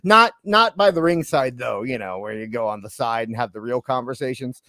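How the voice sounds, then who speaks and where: A man's voice: mid-range voice, lively intonation, a little fast, pushed and bright, no echo, studio quality. A man co-hosting a comedic wrestling podcast, an enthusiastic fan who stammers and laughs. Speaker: podcast co-host. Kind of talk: casual comedic wrestling chat.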